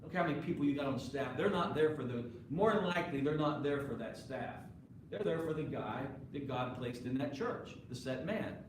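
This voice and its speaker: A man's voice: medium pitch, normal speed, slight background noise. A male pastor preaching a sermon to his congregation in a conversational way, often putting questions to the listeners. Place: church sanctuary. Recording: echoey live church recording from far off.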